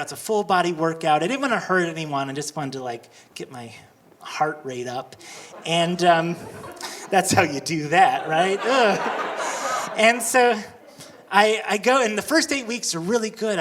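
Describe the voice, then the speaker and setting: A man doing a stand-up comedy set with awkward, self-deprecating, animated storytelling, on a handheld mic at a live show. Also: high-pitched. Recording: live club recording with background noise.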